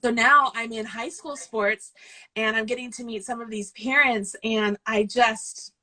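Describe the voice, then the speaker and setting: A woman's voice: fairly high pitch, steady tone, measured pace, pushed and bright, poor audio. A woman in her forties, a coach and business owner, chatting casually and getting tearful as she rambles. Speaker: guest host, yarn business owner and throwing coach. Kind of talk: casual video chat.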